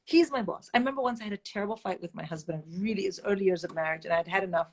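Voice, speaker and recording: A middle-aged woman from India, telling candid stories as a guest in a casual chat, animated and blunt, swearing freely. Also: lowish voice, racing. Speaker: guest comedian.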